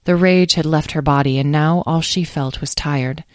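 A woman narrating a fantasy storybook in a measured, expressive read. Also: low-pitched, no echo, studio quality. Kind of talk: audiobook narration.

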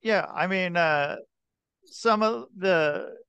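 A man's voice: high-pitched, takes it slowly, creaky, pushed and bright, smooth, no echo, lo-fi sound. A man hosting a podcast, chatting casually with a guest, swearing freely and restarting his sentences. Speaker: podcast host. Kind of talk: casual interview chat.

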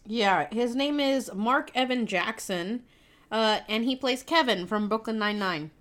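A woman's voice: on the high side, unhurried, fairly bright tone. A woman co-hosting a casual chat, talking in a loose conversational way and swearing offhandedly. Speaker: podcast co-host.

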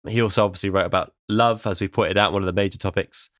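Low-voiced man, chatty podcast host. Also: fairly even intonation, quick pace, a bit bright, no room sound, clean studio sound. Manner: chatty, wry, explains at length. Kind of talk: casual chat about poetry.

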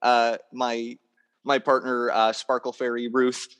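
A man who makes toys, a guest on a casual podcast, telling stories in an animated, theatrical way. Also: medium pitch, unhurried, smooth. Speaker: toy maker guest.

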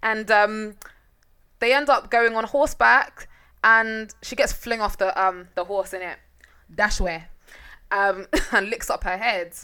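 Young woman co-host, blunt and laughing, bright voice, casual true-crime banter. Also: mid-range voice, steady tone, a little slow, clean tone. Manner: laughs often, blunt and swearing. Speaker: podcast co-host.

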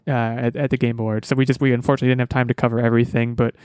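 A man's voice: medium pitch, level tone, racing, a little mellow, clean tone, no room sound. A man hosting a casual gaming podcast, talking in an upbeat, rambling way and often correcting himself mid-sentence. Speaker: podcast host.

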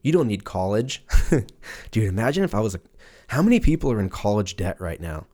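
A man's voice: on the low side, very animated, brisk, warm tone. Profane, rambling podcast host man. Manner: acts out silly voices for imagined people. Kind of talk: casual comedic podcast monologue.

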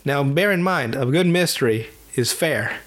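A man hosting a podcast, retelling a cartoon plot in casual, profane chat full of quick impressions. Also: medium pitch. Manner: animated, profane storyteller with voices and laughs. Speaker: podcast host.

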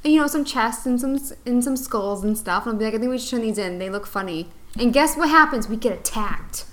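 A woman in casual gaming chat, telling stories in an animated, emphatic way. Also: fairly high pitch, a little fast.

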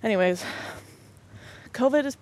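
A woman's voice: on the high side, lively intonation, a little slow, darkish tone. A young woman hosting a solo podcast. She has a cold, is out of breath while walking outside, and rambles in a joking, self-deprecating way. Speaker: podcast host. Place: outdoors on a windy street while walking. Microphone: headset mic on headphones. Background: passing cars and wind.

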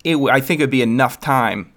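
A man's voice: mid-range voice, a little fast, a bit bright. Man, co-host, casual chat, playful, laughs a lot. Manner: joking, playfully scheming, laughs often.

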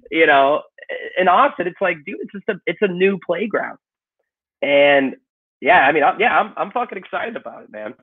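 Chicago guy rambling on a podcast, fillers everywhere, kinda high voice, tinny like a phone line. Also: lively intonation, fairly quick. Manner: rambling, lots of "you know" and swearing. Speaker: comedian moving cities. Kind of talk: casual podcast chat.

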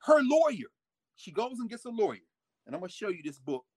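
A man giving a lively history lecture with folksy asides, swinging his volume up and down. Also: high-pitched, brisk, dry recording. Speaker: history teacher. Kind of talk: lively history lecture with read-aloud quotes.

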